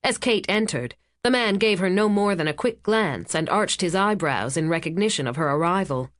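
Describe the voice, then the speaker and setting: A woman reading a thriller audiobook in a calm, steady narration. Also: fairly low pitch, normal speed, dry recording, studio quality. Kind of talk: scripted narration.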